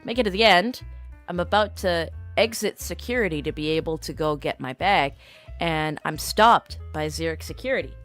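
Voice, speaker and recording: A woman's voice: on the low side, moderate pace, faint music behind. A young woman streamer casually telling an exasperated travel story, acting out the voices of the people she met. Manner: animated, exasperated storytelling with acted-out dialogue.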